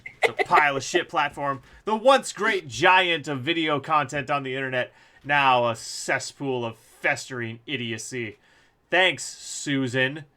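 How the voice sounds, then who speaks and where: Male author-streamer, slow delivery, bright voice, casual and crude. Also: medium pitch. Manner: casual and crude, joking asides. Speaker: author reading his own book. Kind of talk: live-streamed audiobook reading.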